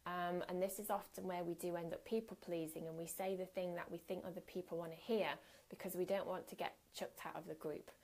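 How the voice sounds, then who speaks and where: Candid gravelly-voiced woman coach. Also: fairly low pitch, steady tone, brisk, a little mellow. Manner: candid, earnest, conversational with fillers. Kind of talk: workshop talk.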